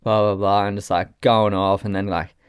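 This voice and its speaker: A man's voice: on the low side, flat delivery, moderate pace, smooth, dry recording, studio quality. An Australian man chatting casually as a podcast guest, a laid-back rambling storyteller who swears often. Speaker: podcast guest, surf photographer. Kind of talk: casual chat over a beer.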